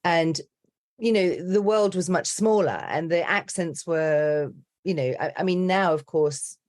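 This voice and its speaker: A middle-aged woman, a coach, chatting on a podcast in a lively storytelling way. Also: fairly low pitch, measured pace. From Britain. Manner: chatty, animated storyteller who slips into accent impressions. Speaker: accent and dialect coach, guest. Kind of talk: casual podcast chat.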